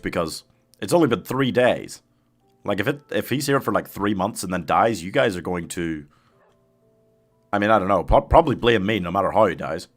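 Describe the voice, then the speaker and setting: A man's voice: low-pitched, fairly bright tone. A man streaming a game live, chatting casually with his chat, laughing often and yelping when danger appears. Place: home streaming setup.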